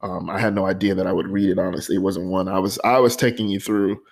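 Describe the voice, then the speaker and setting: A young man with a fairly low voice reads his own unfinished poem, then talks about it with heartfelt sincerity. He slows down often and fills the pauses with ums. His voice carries visible emotion. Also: flat delivery, gravelly. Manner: earnest and heartfelt, pausing with frequent ums. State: emotional, voice catching. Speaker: poet reading his own work. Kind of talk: personal poetry reading with reflective talk.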